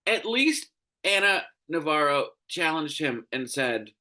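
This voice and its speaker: A man's voice: on the high side, very animated, slow, sharp tone. A man hosting a solo commentary show, ranting in a profane, exasperated way, tired and crabby. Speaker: show host.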